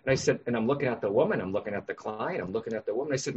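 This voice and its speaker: Brief: husky man, podcast guest, animated storyteller, slightly muffled lo-fi recording. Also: medium pitch, racing. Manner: animated, acts out voices in anecdotes. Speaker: guest, psychic medium. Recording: dull lo-fi sound.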